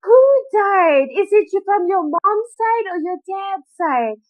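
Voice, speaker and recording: A woman's voice: very high voice, lively intonation, a little slow, dry recording, voice pushed up. A woman voicing a radio psychic who fishes for clues with sweet questions. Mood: prying.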